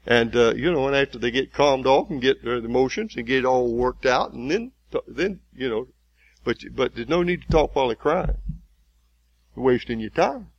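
A man preaching a sermon in a folksy way, building to loud, emphatic, slowly repeated lines. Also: mid-range voice, animated, creaky, no room sound, highs cut off.

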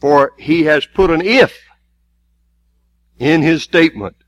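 A man preaching a sermon, stressing key words and drawing them out slowly. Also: on the high side, no room sound, dull audio. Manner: emphatic preaching with slow, drawn-out stresses.

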